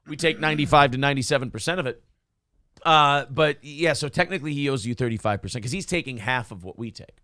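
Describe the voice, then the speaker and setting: A man hosting a casual talk show, ranting in a profane, animated way. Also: mid-range voice, fast, dry recording, clean studio sound. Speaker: podcast host.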